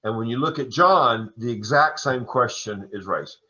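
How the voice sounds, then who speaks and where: Male Sunday school teacher, bright voice, easygoing lecture, dull lo-fi sound. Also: mid-range voice, normal speed. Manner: relaxed, chatty teaching with folksy asides. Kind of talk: conversational Bible lecture. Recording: dull lo-fi recording.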